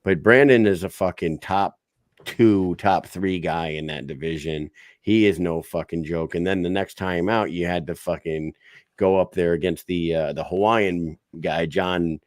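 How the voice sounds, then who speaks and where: A man's voice: deep voice, unhurried, no room sound, studio quality. A man co-hosting a casual chat show, hyping up guests and swearing casually. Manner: hyped, swears casually when introducing guests. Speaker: podcast co-host.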